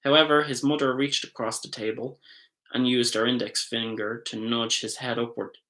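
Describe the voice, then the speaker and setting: Author reading his novel live, bright tone, casual, self-correcting slips. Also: medium pitch, little pitch movement, moderate pace, poor audio.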